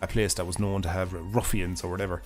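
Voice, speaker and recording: A young Irish man streaming a game, chatting casually in a rambling way, swearing freely and laughing often, his voice hoarse and failing. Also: low voice, flat delivery, quick pace, faint music behind. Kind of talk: casual livestream chat while gaming.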